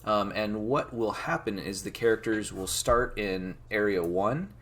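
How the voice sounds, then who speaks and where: A man's voice: on the low side, unhurried, fairly bright tone. A man narrating a tabletop game as game master, talking casually with lots of fillers. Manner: casual, rambling with many fillers.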